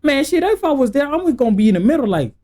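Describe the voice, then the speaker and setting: A man's voice: very high voice, fast. A young South African man with a South African accent, hosting a reaction video and giving blunt, slangy commentary on the clip. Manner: blunt, slangy, animated, talks back at the clip.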